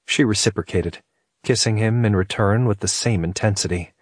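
A man reading a romance novel aloud as narrator, calm and even. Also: on the low side, moderate pace, slightly rough, no room sound, studio quality. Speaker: audiobook narrator.

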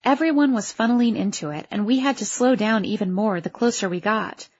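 A woman's voice: medium pitch, brisk, a little mellow, slightly rough, lo-fi sound. A woman narrating a first-person story aloud, in a wry, self-conscious voice. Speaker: audiobook narrator.

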